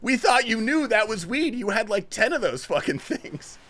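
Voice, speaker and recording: Man playing cocky young cooks, teasing and slangy, bright and lively. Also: sits high, normal speed, pitched above the performer's own voice, full character voice. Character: laughing young male restaurant cooks.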